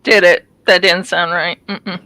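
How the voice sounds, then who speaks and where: A woman's voice: lowish voice, flat delivery, a little slow, sharp tone, no room sound, low-quality recording. A woman hosting a craft channel, chatting casually while she works on a painting, rambling a little with ums and restarts.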